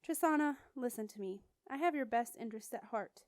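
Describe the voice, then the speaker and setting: Female reader as a stern lecturing religious woman, raised pitch, dry close sound. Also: animated, brisk, no echo, natural voice. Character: stern middle-aged temple dedicate, lecturing.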